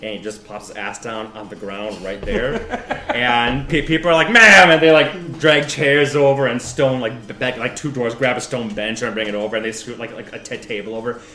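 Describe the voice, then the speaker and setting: Man game master narrating, animated, rambling, bright voice, roomy sound, faint music. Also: medium pitch, moderate pace. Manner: animated, rambling, with frequent laughs and restarts.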